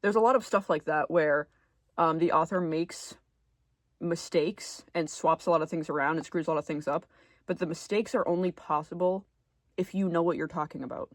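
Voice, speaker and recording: A man's voice: on the high side, normal speed, no room sound. Chatty man in a dry recording. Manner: chatty, filler-heavy, trailing off quietly at phrase ends. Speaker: video essay creator. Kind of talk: casual commentary video essay.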